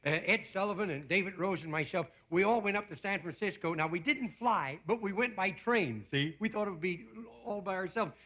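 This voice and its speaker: A man's voice: sits high, fairly quick, few pauses, sharp tone. A man in his fifties from Indiana hosting and telling a rambling stand-up monologue, stumbling over words and laughing at his own jokes, on a television studio stage. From Indiana, USA. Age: 50s. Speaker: comedian and host. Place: television studio stage before a live audience. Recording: roaring studio audience over an old TV broadcast.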